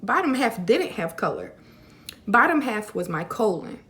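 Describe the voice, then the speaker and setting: A woman's voice: mid-range voice, sing-song, moderate pace, a bit bright. A young woman vlogger casually telling a personal story to camera, filling her talk with "like" and "you know.". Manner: chatty, many fillers like "like" and "you know".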